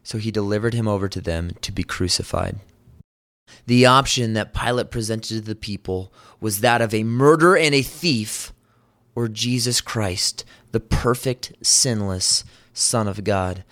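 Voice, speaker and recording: A man preaching a sermon, reading scripture and then explaining it earnestly. He asks rhetorical questions and slows down to stress vivid details. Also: fairly low pitch, fairly bright tone.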